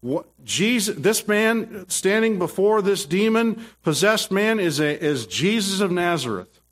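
A man's voice: sits high, expressive, measured pace, fairly bright tone. A middle-aged man preaching a sermon with emphatic, repetitive phrasing and frequent restarts. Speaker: pastor.

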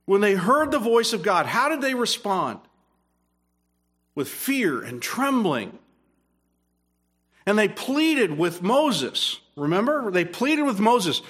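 A man's voice: high-pitched, fairly bright tone. A man pastor preaching a sermon, earnest, repeating phrases and restarting, rising emphatically when pressing a point.

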